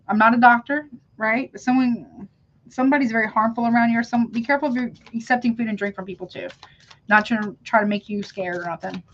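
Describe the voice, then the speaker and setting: A woman's voice: fairly high pitch, muffled recording. A woman giving a live tarot reading, talking casually to her viewers and calling them honey. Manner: chatty, calls viewers honey, self-interrupting. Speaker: tarot reader.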